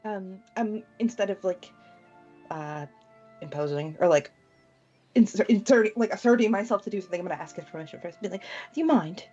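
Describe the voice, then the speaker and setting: A woman with a warm, mellow voice plays in a tabletop game, hedging her words with plenty of fillers. The recording sounds dull and lo-fi, with faint music behind. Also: medium pitch, a little fast. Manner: hesitant, filler-heavy. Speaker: player. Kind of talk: casual tabletop play.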